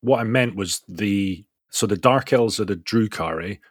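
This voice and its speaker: A man's voice: lowish voice, a little slow, husky, dry recording, studio quality. A man co-hosting a casual podcast, asking questions with hesitant restarts. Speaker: podcast co-host.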